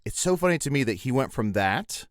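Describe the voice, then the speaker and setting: A man talks as a guest on a podcast, spinning playful bits in an animated way, and he sounds a little tipsy. His pitch swings widely as he goes. The sound is dry and close. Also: fairly quick, no echo. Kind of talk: casual chat.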